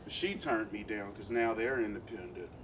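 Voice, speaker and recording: A man's voice: fairly low pitch, moderate pace, very noisy. A man from East Oakland doing a profane stand-up comedy set with playful asides. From East Oakland, California. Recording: live club set, distant mic, loud crowd.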